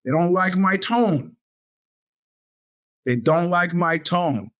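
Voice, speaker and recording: A man's voice: high-pitched, slow pace. A man in his fifties hosting a podcast, telling a long rambling story and acting out the voices of the people in it. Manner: animated, acts out quoted voices. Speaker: podcast host. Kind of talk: storytelling monologue.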